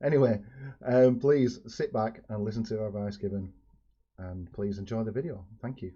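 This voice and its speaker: A British man with a fairly low, mellow voice and a breathy edge speaks at a normal speed as he introduces a video on his YouTube channel. His chatty, casual vlog intro is full of fillers, and the recording has a dull lo-fi sound.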